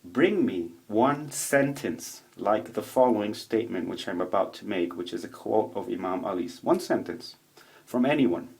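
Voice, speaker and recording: A man in a casual, rambling video monologue, swearing a lot as he tells stories in an animated way. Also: lowish voice, moderate pace, creaky. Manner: profane, rambling, animated storytelling. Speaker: vlogger. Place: home room with a roommate nearby.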